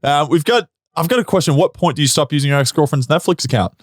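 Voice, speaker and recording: A man's voice: a little high, lively intonation, dry recording. A man hosting a podcast, jokey and playful in casual chat. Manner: jokey, playful, quick to laugh. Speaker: podcast host.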